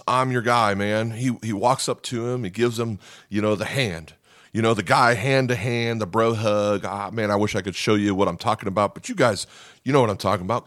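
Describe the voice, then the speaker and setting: A man preaching a sermon as pastor, in a conversational, animated way, sometimes acting out voices. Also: fairly low pitch, no room sound, studio quality.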